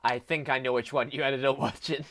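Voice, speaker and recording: An English man co-hosting a casual film chat. He cuts in with short, wry remarks and easygoing opinions. His pitch is ordinary and middle-range. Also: steady tone, a little fast, a bit bright. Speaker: podcast co-host.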